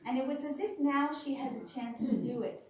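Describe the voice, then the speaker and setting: A woman's voice: high-pitched, a little fast. A woman telling personal stories to a small audience, acting out what others said. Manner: animated storyteller, acts out quoted voices. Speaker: speaker sharing personal experiences. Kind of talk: storytelling talk to a small audience. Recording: echoey room, voice from far off.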